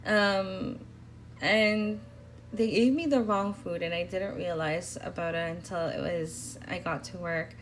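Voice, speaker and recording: A woman's voice: lowish voice, fairly even intonation, unhurried, slight background noise. A young woman talking casually in a voice-over about her planner spreads, rambling with fillers and restarts. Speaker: planner vlogger.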